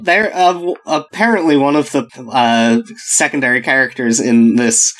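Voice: mid-range voice, normal speed, a bit bright, poor audio. Casting note: American co-host, dry wry humor, easygoing banter. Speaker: podcast co-host. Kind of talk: casual chat.

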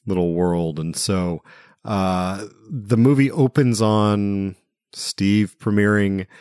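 Man, podcast host, lowish voice, dry close mic, loose and hesitant. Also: no room sound. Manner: relaxed, hesitant with many fillers. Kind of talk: casual film discussion.

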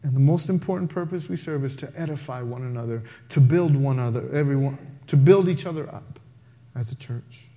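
A man preaching a sermon, telling a story with lively acted-out voices. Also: mid-range voice, brisk. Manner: animated preaching, acts out voices in his story. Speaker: pastor.

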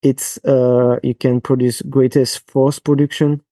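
A podcast interview features a physiotherapist from France whose French accent colors his halting speech, packed with fillers and restarts. His mid-range voice is warm and level in tone, and the recording is dry.

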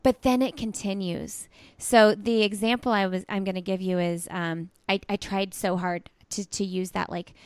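Candid woman host with a crisp dry voice. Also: medium pitch, fairly even intonation, darkish tone, no room sound. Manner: candid, halting, restarts while telling a story. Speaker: podcast host. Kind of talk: casual chat.

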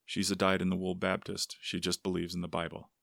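A man's voice: sits low, monotone, brisk, creaky, a bit bright, dry recording, studio quality, heavily acted. A man voicing an anxious, earnest young ranch hand who answers his elders politely. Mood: earnest, uneasy. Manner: polite, says "sir" to elders.

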